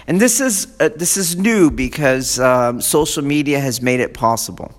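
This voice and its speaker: In a large hall with long reverb, a man resembling a martial arts instructor lectures casually and rambles, digressing a lot and regularly checking on his listeners. His mid-range voice keeps a moderate pace with hardly any pauses, growing lively whenever he mimics excited fans.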